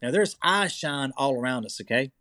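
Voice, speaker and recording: Man, Southern US accent, excitable storyteller, mid-range voice, dry close sound. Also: mid-range voice, moderate pace, no room sound. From Louisiana. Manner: excitable storyteller, repeats phrases, checks in with the listener. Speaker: podcast guest. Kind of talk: telling a personal story.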